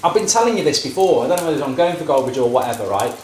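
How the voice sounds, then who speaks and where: A man's voice: on the high side, lively intonation, rapid-fire, a little mellow, a little hiss or hum. Rambling, jokey man in an echoey kitchen. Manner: rambling, jokey, opinionated rants. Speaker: vlogger cooking on camera. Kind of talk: casual chat while cooking. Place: home kitchen. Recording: echoey kitchen with frying sizzle. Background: frying and sizzling.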